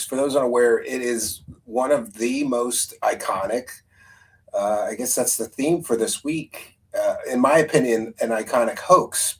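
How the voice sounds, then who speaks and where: A man's voice: mid-range voice, rough recording. Male host, casual rambling talker, mid-range voice. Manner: rambling, laughs, thinks aloud, reads a synopsis. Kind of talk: casual live-stream chat.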